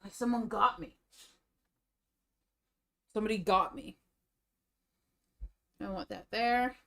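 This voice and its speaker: A woman's voice: medium pitch, slow, creaky, bright, forceful tone. A young woman live-streaming, chatting casually and rambling, out of breath after eating. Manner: rambling, restarts sentences, chatty.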